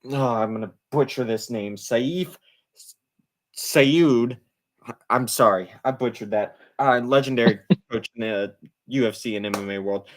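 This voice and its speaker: A man's voice: mid-range voice, unhurried. A man hosting a casual sports talk show, emphatic and incredulous as he breaks things down. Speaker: podcast host.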